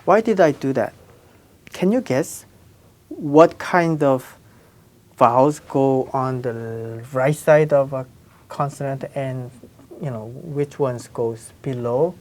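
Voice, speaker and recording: A woman's voice: extremely low pitch, slow, a little mellow. A woman teaching a language lesson, patiently repeating sounds and checking in with her students. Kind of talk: slow explanatory lesson with spoken examples.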